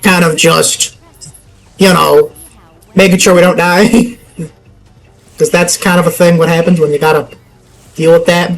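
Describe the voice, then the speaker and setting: A man's voice: on the high side, steady tone, a little slow, long pauses, soft background music, low-quality recording. A young man giving casual gameplay commentary, rambling and laughing often. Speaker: gameplay YouTuber.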